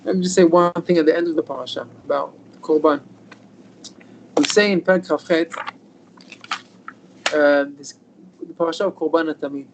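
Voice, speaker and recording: This rabbi teaches Torah casually by video call, his somewhat high voice creaking with vocal fry at a moderate pace and broken by long pauses. Background noise runs underneath as he spins stories, performs the quoted lines, and mixes Hebrew words into his speech.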